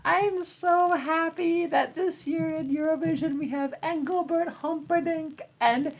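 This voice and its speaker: A man voicing a sweet little old woman with a British accent, high and tender, recalling her childhood fondly. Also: fairly even intonation, a little slow, low-quality recording. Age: 70s.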